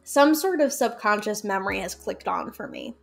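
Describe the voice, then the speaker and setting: A woman guest in a casual interview, talking in a lively, chatty way with frequent laughs and fillers. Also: medium pitch, moderate pace, gravelly, faint music behind. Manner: animated, chatty, laughs often, many fillers. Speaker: guest, folk magic practitioner.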